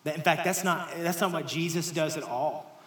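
A man preaching a sermon to a congregation, talking to them directly and dropping to hushed near-whispers before raising his voice for emphasis. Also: a little high, steady tone, normal speed. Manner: shifts between hushed near-whispers and raised emphatic lines; conversational, addresses the congregation directly. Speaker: pastor. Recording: roomy hall sound with faint ambience.

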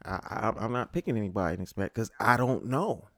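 A man's voice: on the low side, expressive, a little fast, a bit bright, dry recording. A man hosting a podcast in a loose, casual way, with many fillers and restarts. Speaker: podcast host.

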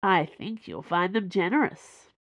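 A woman's voice: lowish voice, no echo, lo-fi sound, lightly acted. A woman doing a drawling cool spy. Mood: smug. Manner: drawling, unhurried. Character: cool confident female special agent, drawling.

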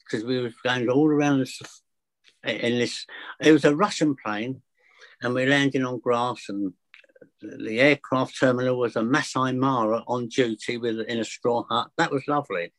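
Man, fear of flying coach, casual anecdotal storyteller, mid pitch. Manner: chatty anecdotes with acted dialogue.

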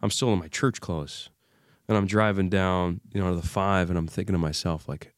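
A man as an interview guest, recounting a personal crisis in an animated way and acting out the dialogue he remembers. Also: sits low, moderate pace, no room sound, clean studio sound. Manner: animated retelling, acts out remembered dialogue, many fillers. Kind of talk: emotional personal storytelling.

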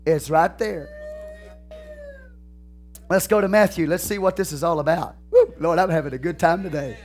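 Man preaching with shouted climaxes. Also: on the high side, fast, soft background music. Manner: swings from hushed asides to shouted climaxes; repetitive, call-and-response preaching. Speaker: pastor. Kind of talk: sermon. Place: church sanctuary.

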